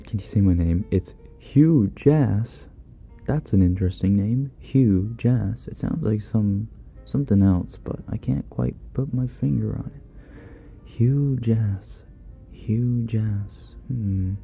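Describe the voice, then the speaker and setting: A man hosting a livestream in a soft-spoken, laid-back way, reading chat messages and chuckling often. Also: fairly low pitch, slow pace, gravelly, husky, faint music behind. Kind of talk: casual live chat.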